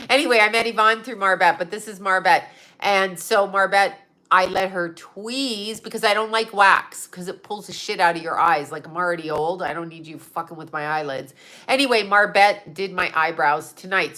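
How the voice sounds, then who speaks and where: Bright-voiced woman in her fifties, stuffy-nosed. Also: mid-range voice. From Utah. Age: 50s. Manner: chatty, profane, laughs often, answers viewer chat. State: stuffy nose. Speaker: psychic medium host. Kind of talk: casual livestream chat.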